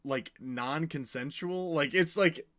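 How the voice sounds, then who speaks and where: Rambling man recapping a book. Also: a little high. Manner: rambling and animated, full of "like" and quick acted-out quotes. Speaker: podcast co-host recapping a book. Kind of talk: casual chat.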